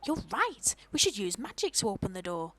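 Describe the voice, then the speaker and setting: A woman voicing an earnest, gentle young boy hero in a video game, soft-spoken. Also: mid-range voice, sing-song, normal speed, soft background music, natural voice.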